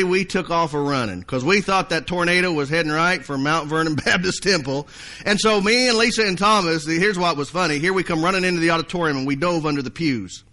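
A man's voice: fairly high pitch, bright, forceful tone. A man preaching a sermon, folksy and storytelling, sometimes acting out panicked voices. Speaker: pastor.

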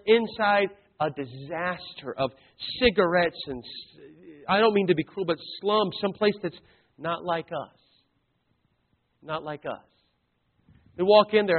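A male preacher delivering a sermon and telling a story, emphatic, swinging between loud and hushed. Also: fairly high pitch. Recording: tinny phone-like sound.

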